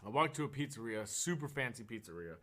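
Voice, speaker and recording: A young man from Oklahoma with a thick country accent, telling stories in a casual, animated podcast chat full of fillers. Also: medium pitch, fast talker. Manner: animated, laughing storyteller with many fillers. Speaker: podcast co-host.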